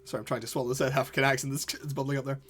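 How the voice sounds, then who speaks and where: Bright-voiced man running a game. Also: mid-range voice, level tone, racing, slightly rough. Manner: swearing, casual, laughs often. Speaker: game master. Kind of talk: narrating a tabletop game.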